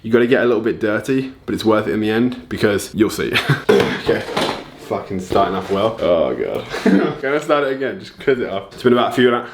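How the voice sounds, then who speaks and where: Low-voiced young man cursing casually. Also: fast, slight background noise. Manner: chatty, loose and profane, jokes at himself. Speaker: fitness vlogger. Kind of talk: casual cooking and diet vlog. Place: home kitchen.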